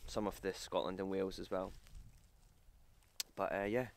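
A man's voice: sits low, flat delivery, normal speed, creaky. A man talking casually to camera on a travel vlog, chatty and self-deprecating, on a hiking trail outdoors. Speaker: vlogger.

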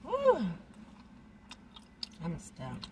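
A woman's voice: sits high, wildly swooping pitch, extremely slow, a little mellow, distant mic, a little hiss or hum. A woman joking around and teasing the host in a car, trading playful back-and-forth. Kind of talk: casual banter. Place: inside a car.

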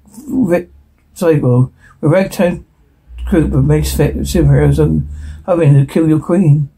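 Guy doing all the voices in a scene himself, gravelly and kinda husky, reads out the sound cues too. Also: on the high side, a little slow, mellow, rough recording. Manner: switches between characters, reads sound cues aloud. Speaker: voice performer. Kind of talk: solo dub of a TV scene.

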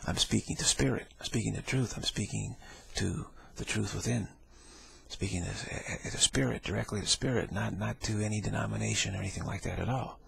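Gravelly rambling man talking spirituality. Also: lowish voice, a little fast. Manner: laughing, repetitive, acts out quoted voices. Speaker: spiritual teacher.

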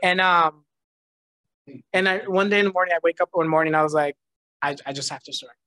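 A man's voice: fairly high pitch, fast, no room sound. A man giving a personal testimony at church, telling his story with animation and frequent laughter. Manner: animated storytelling, laughs often, acts out voices in quotes.

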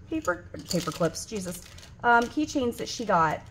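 A woman's voice: lowish voice, moderate pace, slight background noise. A woman in her forties chatting casually to her vlog audience, rambling with lots of ums and restarts, and gushing over gifts. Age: 40s. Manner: gushes loudly over gifts. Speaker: budgeting vlogger.

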